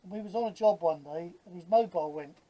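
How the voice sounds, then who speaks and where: A man's voice: sits high, fast, dull audio. A man in his fifties with a London Cockney accent, chatting casually while building models, blunt and jokey, swearing freely. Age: 50s. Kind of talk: casual workshop chat.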